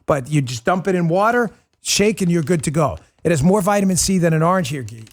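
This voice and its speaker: A male political talk-show host with a somewhat high voice for a man. He talks fast and combatively, with a sarcastic edge, pushing his points hard. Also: lively intonation.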